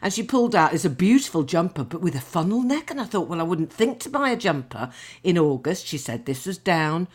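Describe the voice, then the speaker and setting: An older woman co-hosts a casual podcast chat. She tells her stories with lots of laughter and acts out her own thoughts. Her pitch rises and falls in a lively way. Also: brisk, slightly rough. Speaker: podcast co-host.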